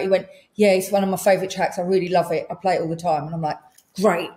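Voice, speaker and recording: A British woman, a guest singer, telling a lively anecdote on a podcast and acting out the people in it. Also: fairly low pitch, quick pace. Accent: British English. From Britain. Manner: lively anecdote-telling, acts out quoted voices. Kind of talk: casual podcast storytelling.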